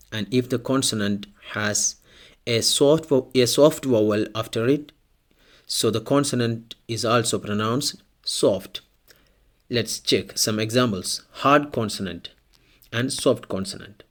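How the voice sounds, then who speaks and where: A man with a mid-pitched voice teaches a language lesson at an unhurried pace. He explains step by step and says each example word twice for the learner. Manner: slow, deliberate, repeats example words twice.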